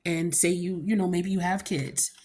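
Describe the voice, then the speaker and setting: A fairly low-pitched woman giving a tarot reading straight to her camera. She talks in a loose, chatty way, full of slang and freely dropped curses, as if confiding in friends. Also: steady tone, normal speed, darkish tone. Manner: chatty and blunt, loose slang and frequent cursing. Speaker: tarot card reader.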